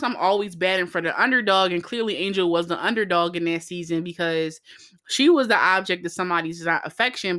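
A woman co-hosting a podcast in casual chat, animated and profane, with her pitch leaping up when she acts out reactions. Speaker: podcast co-host.

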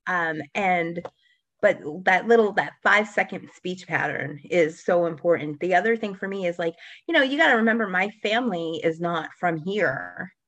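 A woman with a slightly low voice co-hosts a podcast in easy, casual chat. She talks with confidence, often circling back and restarting her sentences. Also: expressive, fairly bright tone, dry recording. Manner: chatty, self-assured, halting restarts. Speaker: podcast co-host.

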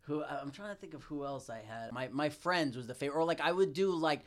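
A man's voice: a little high, expressive, fast. A man in his thirties, a podcast guest, rambling through casual chat with lots of fillers and swearing. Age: 30s. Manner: rambling, full of fillers and swearing, breaks into impressions.

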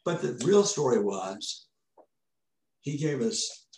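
A man telling a story as a podcast guest, earnest and halting, often restarting his sentences. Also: medium pitch, lively intonation, a little mellow. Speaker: podcast guest, ministry founder. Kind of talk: casual spoken storytelling. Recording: roomy echoey room.

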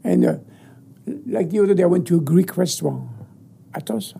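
An older man with a French accent, a chef being interviewed, talking with animated enthusiasm in broken English and often repeating his words. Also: high voice, brisk, creaky, slight background noise. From France. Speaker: guest chef. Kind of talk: casual interview.

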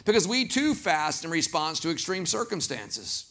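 Man, Southern accent, pastor, sermon, high voice, bright and forceful, animated. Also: moderate pace, vocal fry. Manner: animated preaching, acts out quoted voices.

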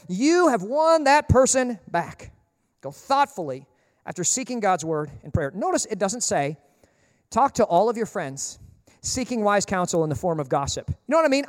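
A man preaches a sermon in a chatty, lively way, full of quick asides to the congregation. His voice sits very high for a man and he talks at a fast clip. A long reverb trails behind his words. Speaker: pastor.

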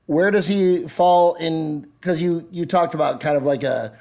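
A man's voice: a little high, unhurried, a little mellow. A man co-hosting a podcast, chatting casually and teasing his co-host, often swearing, on a studio mic. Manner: teasing and profane. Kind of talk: casual chat.

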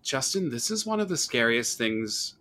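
A podcast host with a medium-pitched voice talks through a horror film at a normal pace in a casual discussion. He's an animated storyteller who acts out the film's lines.

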